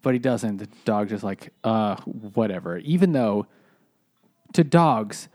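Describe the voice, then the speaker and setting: A man's voice: mid-range voice, expressive, a little mellow, no room sound. Rambling young man on a dry mic. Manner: rambling, halting, with frequent fillers and swearing. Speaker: podcast co-host. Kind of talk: casual comedic chat.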